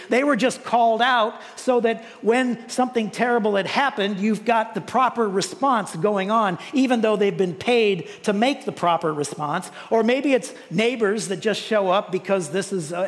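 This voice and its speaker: High-voiced preacher in an echoing hall. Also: male voice. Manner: animated, conversational preaching with repeated words and rhetorical questions. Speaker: pastor. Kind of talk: sermon. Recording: long hall reverb.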